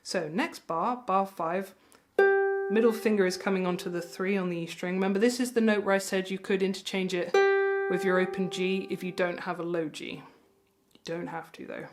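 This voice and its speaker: A woman's voice: lowish voice, steady tone, moderate pace, loud music behind the voice. Encouraging woman teaching ukulele over playing. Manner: friendly, encouraging, counts beats aloud. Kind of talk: music lesson with counting along. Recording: ukulele playing loudly behind.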